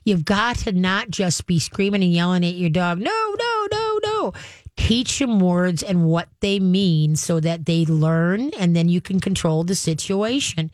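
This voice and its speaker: A woman's voice: lowish voice, measured pace, hardly any pauses, a little mellow, dry recording, studio quality. A woman hosting a call-in radio show, giving folksy, chatty advice on training pets and acting out little voices as she goes.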